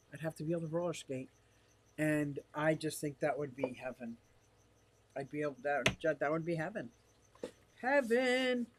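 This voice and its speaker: An older man talks casually on a live stream and drifts from one thought to the next. He reads chat comments aloud as he goes. His voice sits a little high, and the sound is dry and close with no room echo. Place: indoor fish room.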